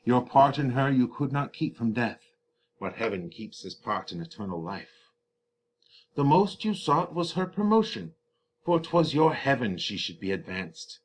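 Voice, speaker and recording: Man reading consoling priest, calm, measured, grave comforter. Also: medium pitch, a little hiss or hum, pitched above the performer's own voice, lightly acted.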